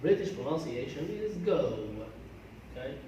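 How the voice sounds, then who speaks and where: An English teacher with an Algerian accent, a man whose first language is Arabic, giving a classroom pronunciation lesson and slowly repeating words aloud to drill them. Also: on the high side, sing-song, slight background noise. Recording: echoey classroom from far off.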